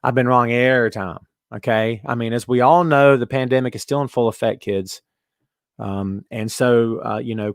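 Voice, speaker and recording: A man's voice: medium pitch, no room sound, clean studio sound. A man hosting a wrestling podcast, ranting emphatically and repeating himself, then answering chat questions casually. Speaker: podcast host.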